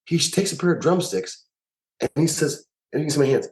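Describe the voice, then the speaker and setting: A man, a musician and producer, telling stories in an interview with an emphatic, animated way of talking and lots of repeated words. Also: fairly high pitch, fairly quick, poor audio. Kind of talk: storytelling interview.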